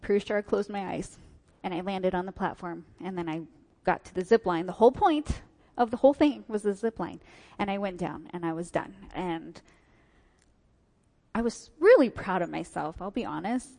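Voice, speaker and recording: A woman's voice: fairly low pitch, moderate pace, gravelly, dark tone. A woman telling a personal story to an audience, vividly acting out what people said to her. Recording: long hall reverb.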